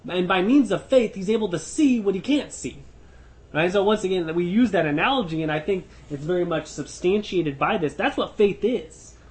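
A man leading a Bible study discussion, thinking aloud with frequent restarts and slow emphasis on key words. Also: high-pitched, expressive, darkish tone. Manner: thoughtful, restarts often, stresses words slowly. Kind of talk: teaching discussion.

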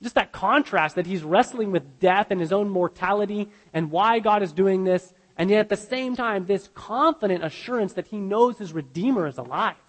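A man's voice: high voice, big-room sound, low-quality recording. A man preaching a sermon, earnest and emphatic, often restarting his sentences. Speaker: pastor.

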